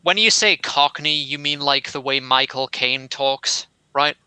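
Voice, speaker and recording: A man's voice: mid-range voice, a little slow, pushed and bright, clear, resonant tone, no room sound, poor audio. A young British man with a somewhat posh accent, chatting casually as a podcast co-host in a dry, wordy way. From England. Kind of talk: casual chat.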